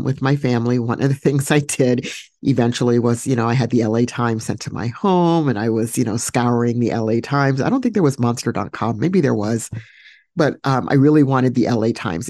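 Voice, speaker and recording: A woman hosting a podcast, telling a personal story alone in a reflective, heartfelt way, pausing to search for words. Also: a bass voice, darkish tone, no echo, studio quality. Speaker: podcast host.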